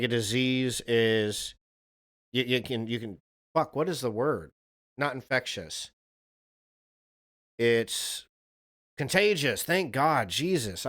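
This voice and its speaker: A man's voice: medium pitch, fairly bright tone. A man hosting a livestream, reacting to a video and chatting casually with viewers in a rambling, profane way. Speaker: livestream host.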